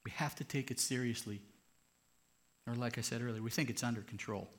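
A man's voice: mid-range voice, brisk. A man, a pastor, preaching a sermon in an earnest, conversational way.

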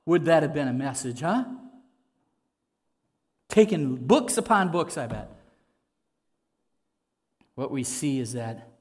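A man preaching a sermon in an earnest, conversational way, asking his listeners rhetorical questions. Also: mid-range voice. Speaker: pastor.

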